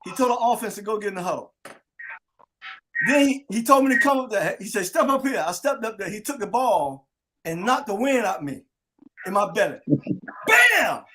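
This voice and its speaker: Lively high-voiced man telling stories. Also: brisk, long pauses, a crowd in the background. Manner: lively storyteller acting out quotes. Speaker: host. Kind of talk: casual storytelling with old teammates.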